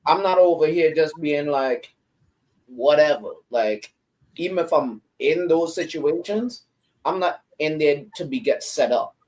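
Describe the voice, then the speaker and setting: A man on a casual panel, telling stories in animated, slang-heavy talk. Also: fairly high pitch, measured pace, low-quality recording. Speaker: panel guest.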